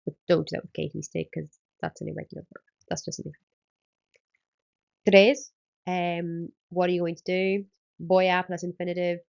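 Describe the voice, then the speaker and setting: Lady teacher going thru exam prep, bit of vocal fry, lo-fi sounding. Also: lowish voice, little pitch movement, normal speed, long pauses, a little mellow. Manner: explains step by step, often starting with um. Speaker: Spanish teacher. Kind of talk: recorded exam-prep lesson.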